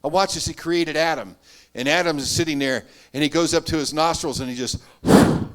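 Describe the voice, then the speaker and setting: A man preaching a sermon, telling his story earnestly, rising to loud emphatic bursts and dropping to hushed asides. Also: on the high side, brisk. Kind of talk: sermon testimony.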